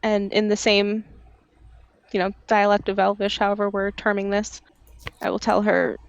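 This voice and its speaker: A woman playing in a tabletop role-playing game, describing her character's actions in a careful, deliberate way. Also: medium pitch, level tone, vocal fry, no room sound, dull audio. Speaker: player.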